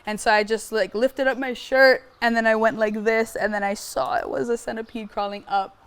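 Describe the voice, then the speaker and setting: A woman's voice: fairly high pitch, normal speed, clear, resonant tone. A young woman from Hawaii, a pig farmer telling stories casually and animatedly on a farm tour. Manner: animated, lots of "like", acts out sounds. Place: outdoors on a farm.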